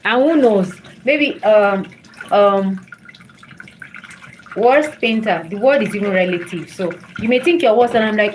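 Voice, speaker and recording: A woman's voice: medium pitch, unhurried. Woman, casual chat, encouraging, laughs as she talks, noisy background. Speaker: host.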